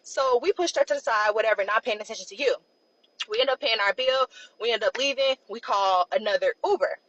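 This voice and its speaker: A young woman recounts a story in a loose, chatty way, her voice sitting a little high. She fills her talk with "like" and offhand asides. The audio sounds a bit dull and lo-fi. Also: fairly quick, fairly bright tone. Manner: chatty, loose, peppered with "like" and "blah, blah". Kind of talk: casual storytime.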